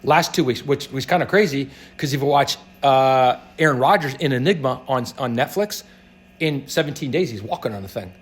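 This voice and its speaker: Being interviewed, a healthcare practitioner tells patient stories in a casual, animated way, acting out the voices of the people he quotes. He talks at medium pitch and normal speed.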